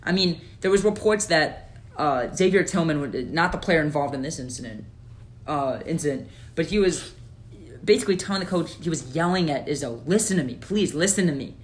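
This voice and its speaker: A man co-hosting a casual sports podcast, opinionated and animated, with lots of fillers. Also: on the high side, normal speed. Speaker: podcast co-host.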